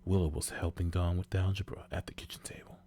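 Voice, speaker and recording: A man's voice: low voice, little pitch movement, fast, mellow, dry recording, whispered. A man hosting a podcast, reading fan fiction aloud and often laughing. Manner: giggly, breaks into laughter. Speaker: podcast host.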